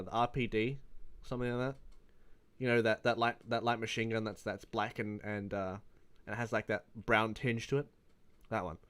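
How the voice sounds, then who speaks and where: A young Australian man in his early twenties rambles through a casual gaming vlog, swearing freely and laughing at his own stories. His pitch sits at an ordinary male middle. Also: a bit bright. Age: around 20. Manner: rambling, profane, laughing storyteller. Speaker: gaming YouTuber.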